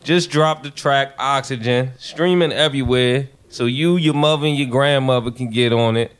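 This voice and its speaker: A man's voice: mid-range voice, normal speed, clear, resonant tone. A young man, the show's producer and a rapper, talking laid-back and laughing easily. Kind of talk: casual chat.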